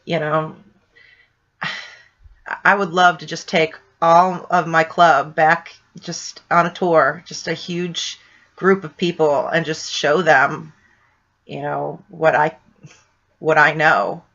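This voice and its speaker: A woman ghost hunter telling a rambling, excitable story in a casual vlog, full of fillers. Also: low-pitched, takes it slowly, long pauses. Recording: dull lo-fi sound.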